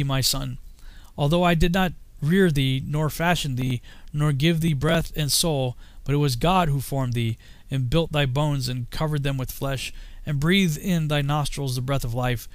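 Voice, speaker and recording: A man's voice: on the high side, dry recording, lightly acted. A man voicing a grieving old father who laments his lost son in a raised, anguished voice.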